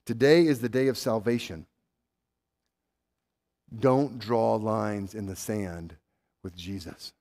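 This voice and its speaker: A man preaching a sermon, swinging from loud urgent pleading to low, quiet intensity. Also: takes it slowly, long pauses. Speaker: pastor.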